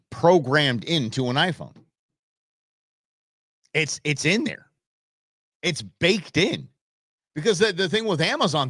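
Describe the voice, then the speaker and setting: Lively-pitched chatty male show host. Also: no echo, studio quality. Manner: rambling, chatty, many restarts. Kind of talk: live political commentary.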